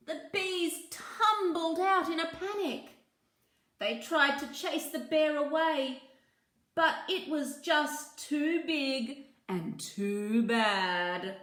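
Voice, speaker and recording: A woman reading a children's picture book aloud, slow and gentle, with asides about the pictures. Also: fairly high pitch, animated, echoey room. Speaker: children's story reader.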